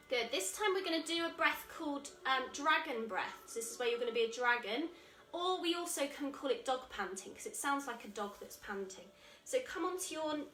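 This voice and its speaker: A woman with an English accent guiding a children's yoga class, calling out moves in a gentle, encouraging way. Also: high voice. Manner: encouraging, gentle, calls out moves while exercising. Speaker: kids yoga instructor. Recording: echoey room, voice from a distance, soft music.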